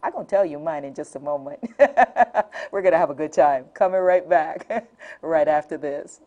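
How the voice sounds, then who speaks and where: A woman's voice: low voice, moderate pace, muffled recording. A middle-aged woman hosting a nighttime call-in talk show, telling a funny personal story and laughing often. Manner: animated storyteller, laughs often, repeats phone numbers.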